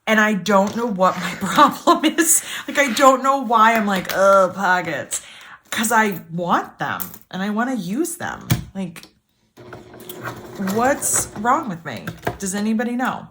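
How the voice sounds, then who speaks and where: A woman's voice: mid-range voice, very animated, a little slow. A woman hosting a casual sew-along, chatty and self-deprecating, grumbling as things go wrong. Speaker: sewing channel host. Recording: clear background machine noise. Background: sewing machine running.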